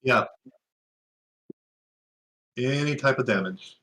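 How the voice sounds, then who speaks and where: A man playing in a tabletop game, chiming in with quick rules remarks. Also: mid-range voice, sharp tone. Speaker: player. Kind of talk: casual game chat.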